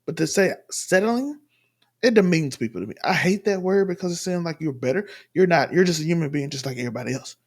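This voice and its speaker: A man's voice: on the high side, lively intonation, fast. A man from the Southern US giving rambling, emphatic casual commentary while reacting to a clip at home. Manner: rambling, emphatic, restarts often. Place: home room.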